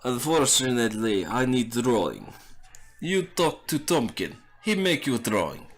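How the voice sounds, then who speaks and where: A man voicing a gruff male woodcarver in a put-on Russian accent, speaking in clipped, broken phrases. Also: mid-range voice, very animated, a little slow.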